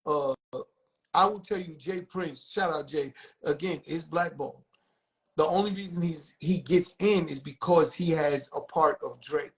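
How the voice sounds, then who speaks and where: Profane, animated high-voiced man. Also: unhurried, poor audio. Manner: profane, animated, acts out other people's lines. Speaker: music industry guest. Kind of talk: candid storytelling on a livestream podcast.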